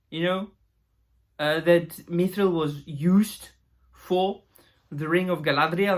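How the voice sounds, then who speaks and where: A man's voice: a little high, a bit bright. A man reviewing a fantasy show in an exasperated, sarcastic rant, swearing now and then. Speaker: YouTube reviewer.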